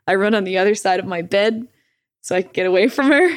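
A woman's voice: mid-range voice, quick pace, no echo, studio quality. A young woman telling a story casually, with lots of swearing and filler words. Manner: profane, filler-heavy with "like"; animated retelling with laughs. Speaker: streamer guest.

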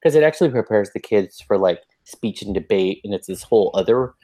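A man in relaxed podcast chat, talking in a somewhat low voice. He rambles through profane anecdotes, leaning on fillers as he goes. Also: a little fast. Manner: loose, profane storytelling with many fillers. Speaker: podcast co-host, school principal. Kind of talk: casual chat.

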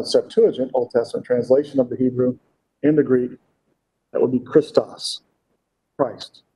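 Male pastor, mid-pitched and mellow, teaching from scripture with frequent rhetorical questions to the congregation. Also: slightly rough, poor audio. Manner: reads scripture aloud and then explains it. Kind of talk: Bible teaching sermon.

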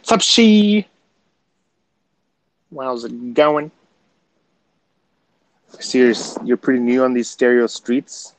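A man's voice: medium pitch, steady tone, slow pace, pauses often, rough recording. Chatty livestream host, a man. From Canada. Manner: chatty, laughs things off, addresses viewers directly. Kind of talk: casual livestream chat with viewers.

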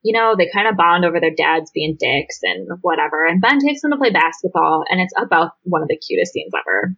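A woman's voice: fairly low pitch, very animated, fairly quick, a bit bright, breathy edge, highs cut off. A woman co-hosting a casual podcast, blunt and exasperated, who swears freely while reacting to a TV episode. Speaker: podcast co-host. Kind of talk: casual chat.

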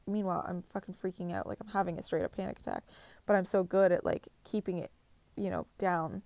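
A woman's voice: medium pitch, animated, fairly quick, darkish tone, no echo. A woman in her twenties talking bluntly and passionately in a confessional vlog, swearing heavily and speaking with emphasis. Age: 20s. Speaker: vlogger.

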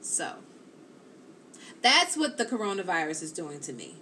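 A woman hosting a live stream, telling a rambling, animated story to her viewers and peppering it with "like" and "or whatever.". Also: lowish voice, unhurried, a little hiss or hum.

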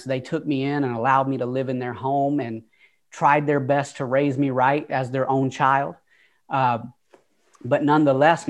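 A man's voice: mid-range voice, fairly bright tone. A young man with a Southern twang tells his own story as an interview guest. He speaks openly and earnestly, with casual fillers, in an everyday mid-range voice. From Atlanta, USA. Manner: open, earnest, conversational with fillers.

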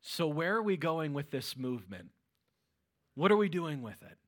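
A man with a Pittsburgh accent preaching a sermon as pastor, energetic, with loud exclamations to the congregation. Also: fairly high pitch, moderate pace. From Western Pennsylvania.

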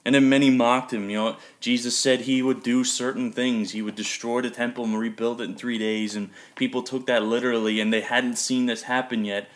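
A young man gives a sermon in a relaxed, conversational manner, earnest and plain-spoken. His voice sits a little low and he leans on casual fillers as he preaches. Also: fairly quick. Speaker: pastor.

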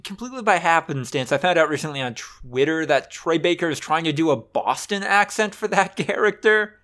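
A man's voice: a little high, animated, brisk, a bit bright. Wry young man in casual chat. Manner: wry, asks questions, chuckles. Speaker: podcast co-host.

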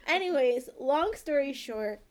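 A young woman telling a long story in casual chat, profane and animated, checking in with "okay?" as she goes. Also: sits high, a little slow. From born and raised in the country she lives in.

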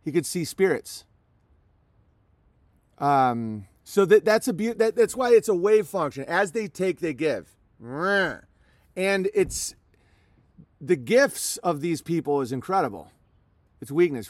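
A man's voice: fairly high pitch, very animated, unhurried, pauses often, no echo. A man live streaming, talking casually to his chat in a rambling way with many restarts.

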